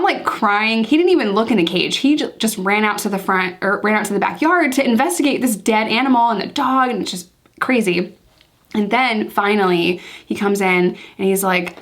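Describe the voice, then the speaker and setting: A woman's voice: mid-range voice, a little fast, fairly bright tone. Woman guest on a podcast, chatty, laughs a lot, easygoing. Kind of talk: casual chat.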